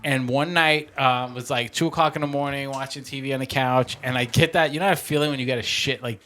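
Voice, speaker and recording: A man casually telling a story on a podcast, animated and profane, laughing often. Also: medium pitch, fast talker. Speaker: podcast co-host.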